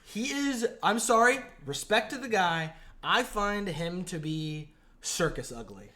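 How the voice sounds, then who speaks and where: A man's voice: sits high, big pitch swings, unhurried, bright, forceful tone. A man co-hosting a casual comedy podcast, rambling and laughing, slipping into mock voices now and then. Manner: rambling, laughs often, mimics accents. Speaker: podcast co-host.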